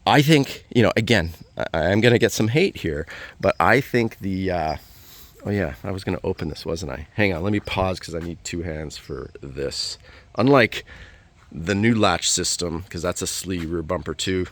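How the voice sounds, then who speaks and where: A man's voice: low-pitched, lively intonation, moderate pace, a bit bright. A man talking casually and enthusiastically about his vehicle in a rambling vlog walkaround. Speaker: vlogger.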